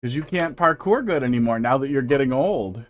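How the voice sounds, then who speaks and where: A man's voice: mid-range voice, animated, fairly quick, dry recording, highs cut off. A man streaming a game, casually chatting with viewers and talking fondly to his cats. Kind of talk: casual live-stream chat.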